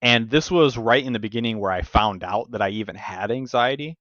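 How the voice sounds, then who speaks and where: A man hosting a podcast, telling stories in casual, profane, animated chat. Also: medium pitch, brisk, dry recording, lo-fi sound. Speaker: podcast host.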